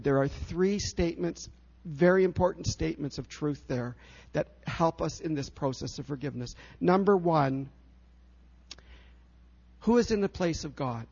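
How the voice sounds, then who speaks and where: A man preaching a sermon as pastor, earnest and emphatic, slowing down to stress key phrases. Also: on the high side, vocal fry, darkish tone, breathy edge, dull audio.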